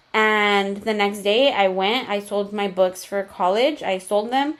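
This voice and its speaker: A woman's voice: medium pitch, fairly even intonation, a little slow, hardly any pauses. A young adult woman co-hosting a podcast, telling a personal story in casual chat. She speaks candidly, swears freely and drops in Spanish slang. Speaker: podcast co-host.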